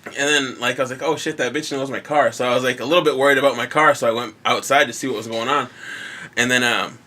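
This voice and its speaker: Bright-voiced laid-back male podcast host. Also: medium pitch, steady tone, fast talker. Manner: laid-back, swears a lot, laughs often. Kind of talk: casual chat, storytelling.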